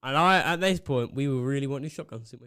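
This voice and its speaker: A young man co-hosting a podcast, giving excitable running commentary between laughs at a desk mic in a small home studio. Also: medium pitch, fast talker, clean tone, dry recording. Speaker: podcast co-host. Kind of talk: casual chat.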